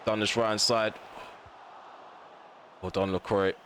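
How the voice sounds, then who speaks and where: Lowish guy ranting over a football game, gets loud and high at the big moments, faint hum behind. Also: measured pace. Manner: frustrated, ranting at players and referee; excitable bursts at chances and goals. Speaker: gaming commentator. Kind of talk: live game commentary.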